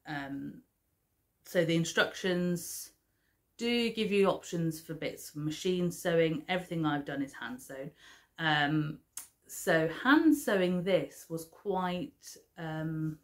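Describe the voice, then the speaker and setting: A woman chatting casually in a craft vlog, showing her handmade toys with fond, rambling remarks and soft laughs. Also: lowish voice. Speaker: craft vlogger. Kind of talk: casual show-and-tell chat.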